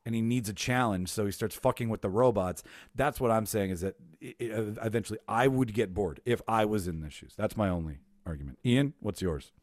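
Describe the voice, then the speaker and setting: A man co-hosts a movie-debate podcast, talking loosely with plenty of swearing and restarts. His voice sits low. The recording is dry and close, with no room sound. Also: a little fast, darkish tone, no echo. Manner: loose, profane, rambling. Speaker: podcast co-host. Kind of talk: casual debate chat. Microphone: home mic on a video call.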